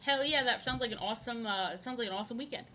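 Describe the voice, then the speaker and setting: She talks very fast in a fairly high, sharp-toned voice while drawing live, with slight background noise behind her. The casual stream chatter rambles, jokes and repeats itself.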